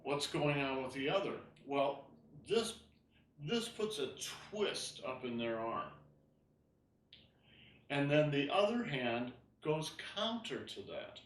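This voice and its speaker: A man's voice: medium pitch, sing-song, slow, reverberant, distant mic. A man teaching an online tai chi class, explaining moves as he demonstrates and often asking "right?".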